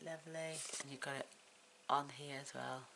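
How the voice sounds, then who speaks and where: A very deep-voiced woman from the UK hosts a relaxed crafting tutorial, chatting and counting pieces aloud as she works. The recording has clear background noise from the home craft room. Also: normal speed, poor audio. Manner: chatty, counts items aloud, talks while working. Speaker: craft channel host.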